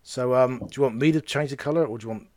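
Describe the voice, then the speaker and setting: A man's voice: mid-range voice, quick pace, a little mellow. A man playing a tabletop game and hosting the show, jokey in manner. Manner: jokey, wraps up the episode. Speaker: player and show host.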